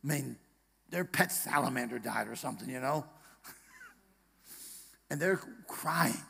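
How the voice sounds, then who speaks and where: A male pastor preaching a sermon in a church, moving between hushed, tender passages and loud, emphatic rallying lines, joking with the congregation and asking them questions. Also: medium pitch, expressive, unhurried, creaky, breathy edge, big-room sound. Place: church sanctuary.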